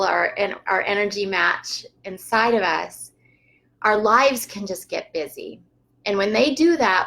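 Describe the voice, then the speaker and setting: Woman, yoga teacher, live-streamed breathing lesson, calm and unhurried, soft laughs, slight vocal fry. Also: mid-range voice, low-quality recording.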